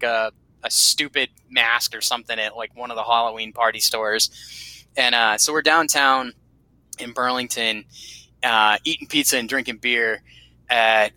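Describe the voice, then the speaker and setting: A man in his thirties from Vermont casually telling animated, profane stories about his army days. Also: medium pitch, no echo, rough recording. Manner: profane, animated storyteller who acts out quotes. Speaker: guest telling war stories. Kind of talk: casual storytelling.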